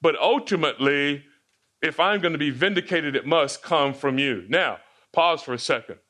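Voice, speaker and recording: A man's voice: fairly high pitch, normal speed, pushed and bright. A male pastor preaching an expository sermon, asking his congregation rhetorical questions.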